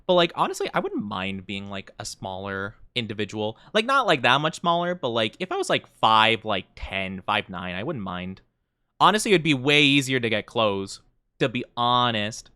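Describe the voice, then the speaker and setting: A man's voice: medium pitch, big pitch swings, moderate pace, sharp tone, clear, resonant tone, dry recording. A young man streaming, chatting casually and reading chat aloud in a playful, mock-offended way with lots of fillers.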